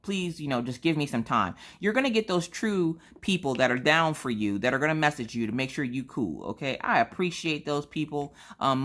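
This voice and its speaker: A mother vlogging at home at night, retelling her family's day in an animated, dramatic way, often tagging "okay?". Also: low-pitched. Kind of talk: casual storytelling to camera.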